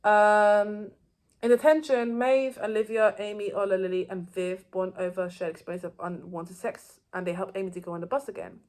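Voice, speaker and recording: A woman's voice: mid-range voice, steady tone, moderate pace, darkish tone. A woman giving a casual, rambling recap of a TV season, with loose phrasing and frequent restarts. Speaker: TV show reviewer.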